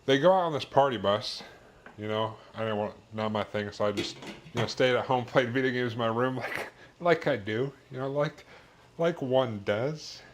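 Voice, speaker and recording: Over slight background noise, a man with a mid-range voice streams himself cooking in his home kitchen at normal speed. He chats and rambles casually, full of fillers, restarts, and relaxed swearing.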